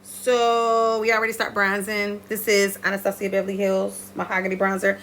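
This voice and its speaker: A woman walks her viewers through a makeup routine in a playful, chatty way, with a bright, forceful tone. She breaks into high squeals now and then. A faint hum sits under her voice. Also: normal speed. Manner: lively, playful, talks straight to viewers. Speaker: beauty vlogger.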